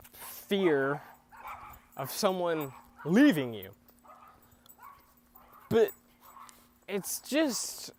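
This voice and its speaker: Young male podcast host, slightly high voice, slow, hesitant, opinionated casual recap. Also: slight background noise. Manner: halting, many fillers and restarts, opinionated. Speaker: podcast host reviewing TV episodes.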